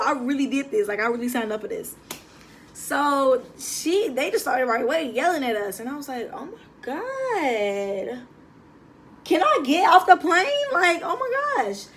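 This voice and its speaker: A young woman, telling a lively story to her phone camera in a casual vlog. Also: fairly high pitch, a little hiss or hum. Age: young adult. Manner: chatty, animated, slangy. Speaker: vlogger. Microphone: phone propped on a table.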